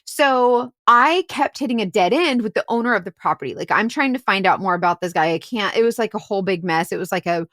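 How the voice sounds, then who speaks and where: Chatty woman investigator with a lively voice. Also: mid-range voice, fairly quick, hardly any pauses, dry recording, clean studio sound. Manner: chatty, fillers like "like" and "right?". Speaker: podcast host and private investigator. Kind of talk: casual storytelling chat.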